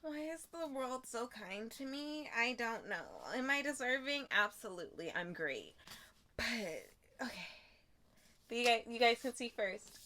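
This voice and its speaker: A woman's voice: a little high, animated, unhurried, sharp tone. A young woman vlogging about books, unboxing a book box and gushing with emotion, dropping to whispers and rising to squeals. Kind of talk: excited unboxing vlog.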